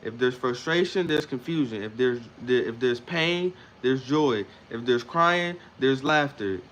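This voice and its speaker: A man's voice: mid-range voice, lively intonation, measured pace, a bit bright, slight background noise. A man hosting a livestream, giving an emphatic motivational talk in a repetitive, preacher-like cadence. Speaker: livestream host.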